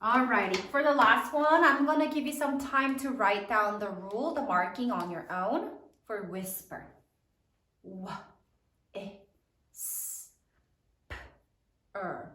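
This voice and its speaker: A woman's voice: medium pitch, takes it slowly, long pauses, pushed and bright, far from the mic. A woman teaching a third grade spelling lesson, sounding out words letter by letter in a sing-song way. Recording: echoey room, voice off-mic.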